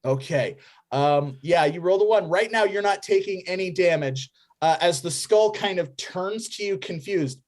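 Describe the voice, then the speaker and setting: A game master narrating a tabletop game, describing scenes with many pauses and fillers. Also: mid-range voice, darkish tone.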